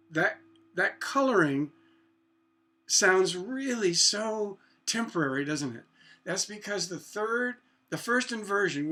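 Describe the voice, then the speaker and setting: High-voiced man teaching songwriting over guitar. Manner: breaks into sung "na na" phrases to demonstrate chords; halting, restarts often, asks rhetorical questions. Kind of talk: songwriting lesson, playing guitar. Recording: loud guitar under the voice. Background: acoustic guitar playing.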